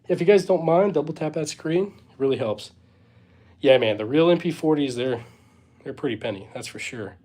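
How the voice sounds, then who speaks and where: A young male livestream host runs a relaxed Q&A in a medium-pitched voice with a darkish tone. Hesitant and easygoing, he scatters fillers and shrugging asides while reading chat questions out loud and thanking viewers.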